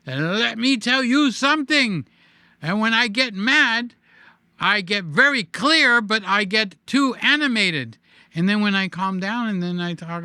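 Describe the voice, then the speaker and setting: A middle-aged man talks to camera in a loose, animated vlog style, repeating words and cracking jokes as he goes. His voice sits high and comes across bright and smooth. The sound is close and dry, as if picked up on a desk microphone. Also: no echo. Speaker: vlogger host. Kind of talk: casual chat to camera.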